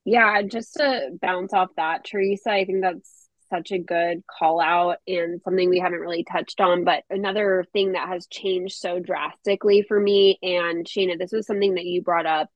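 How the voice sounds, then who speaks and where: A woman's voice: on the low side, fairly even intonation, moderate pace, no echo. Earnest woman guest, dull dry audio. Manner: earnest, reflective, laughs easily. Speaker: podcast guest, mother. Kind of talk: casual podcast conversation.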